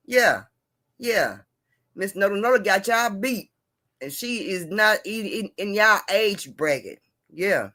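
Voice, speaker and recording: A woman hosts a casual live stream in a bright, forceful voice. She chats loosely with her viewers, greets them by name and circles back to repeat herself. Her pitch sits in a middle range for a woman. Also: animated, takes it slowly. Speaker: livestream host.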